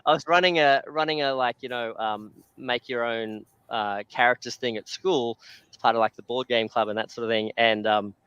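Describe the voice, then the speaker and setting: A man's voice: medium pitch, steady tone, moderate pace, fairly bright tone, clear, resonant tone, no room sound, dull audio. An Australian man hosting a casual video call chat, rambling with lots of fillers and frequent laughter. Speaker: channel host.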